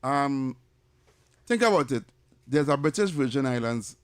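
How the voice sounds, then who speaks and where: A man's voice: medium pitch, expressive, unhurried, clean tone, no room sound. An older man with a Trinidadian accent co-hosting a talk radio show, blunt and opinionated, often repeating himself. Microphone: studio mic.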